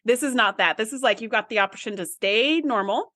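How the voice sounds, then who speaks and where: A woman's voice: a little high, a little fast, fairly bright tone, no echo, clean studio sound. A woman co-hosting a podcast in casual chat, chatty and reflective, agreeing readily. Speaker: podcast co-host.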